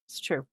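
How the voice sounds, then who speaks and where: A woman playing in a tabletop role-playing game, answering in a relaxed, dry, understated way. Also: no echo. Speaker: player. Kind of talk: casual tabletop game play.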